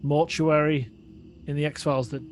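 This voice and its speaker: Musing man with a fairly high voice. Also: flat delivery, moderate pace, darkish tone, a little hiss or hum. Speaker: podcast co-host. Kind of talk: casual chat.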